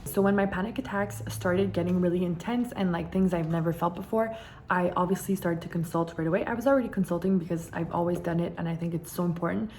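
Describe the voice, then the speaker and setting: A young woman talks candidly to her camera, leaning on repeated words for emphasis. Her voice sits a little low for a woman, and a faint noise floor hums under the recording. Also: steady tone, fast, darkish tone. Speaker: vlogger. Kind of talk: casual personal storytelling.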